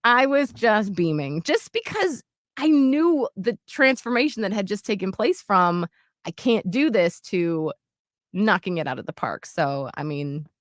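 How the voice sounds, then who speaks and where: Animated woman telling a story, dry sound. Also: mid-range voice, unhurried, no room sound. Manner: animated, acts out quotes with shifts in loudness. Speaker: podcast co-host. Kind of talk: casual storytelling chat.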